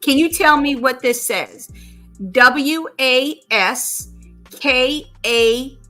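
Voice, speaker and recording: A woman live streamer chatting casually with an AI assistant, slowly spelling out words letter by letter. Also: high voice, sharp tone, faint music behind.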